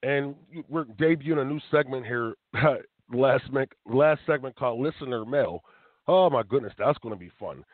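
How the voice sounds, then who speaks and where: A man's voice: medium pitch, normal speed, dry recording. A man hosting a wrestling talk show on internet radio, talking in a heated, emphatic way. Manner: animated, riled up, emphatic. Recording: tinny phone-quality internet radio.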